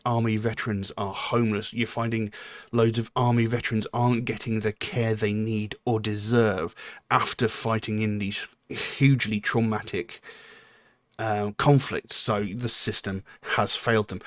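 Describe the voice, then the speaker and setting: A man's voice: fairly low pitch, no room sound, clean studio sound. A man hosting a music reaction channel, giving casual, rambling commentary full of "you know" and "um".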